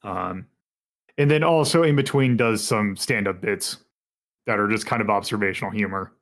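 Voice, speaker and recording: A man narrating as game master of a tabletop game in a halting, meandering way. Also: lowish voice, a bit bright.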